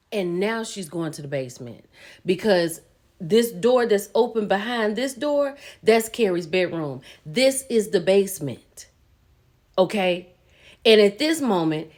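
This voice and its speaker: A woman hosting a casual recap vlog, talking to her viewers in a slangy, animated way and calling them baby and y'all. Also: medium pitch. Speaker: reaction video host.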